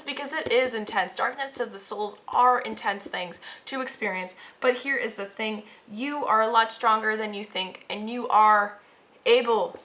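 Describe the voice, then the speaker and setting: A woman's voice: on the high side, pushed and bright. A woman giving a pick-a-pile tarot reading to her viewers, talking in a casual, earnest way with slang and emphatic encouragement. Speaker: tarot reader.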